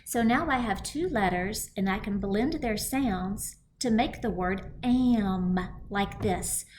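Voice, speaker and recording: A woman teaching a kindergarten phonics lesson, sounding out letters clearly and deliberately for young children. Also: mid-range voice, darkish tone, a little hiss or hum.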